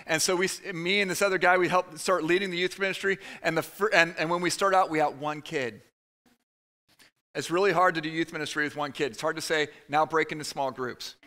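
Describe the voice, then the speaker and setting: A man preaching a conversational sermon to his church, with quick asides to the room. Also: a little high, steady tone, sharp tone. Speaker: pastor. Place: church sanctuary.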